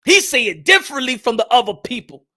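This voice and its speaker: A young man hosting a lively live-streamed boxing morning show, hyped and shouty, with street slang and Spanish phrases. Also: very high voice, fast talker.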